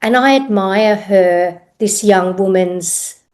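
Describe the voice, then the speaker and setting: Slow, reflective middle-aged woman. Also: mid-range voice. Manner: reflective, unhurried, pauses with ums. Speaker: podcast guest, therapist. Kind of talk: personal story in interview.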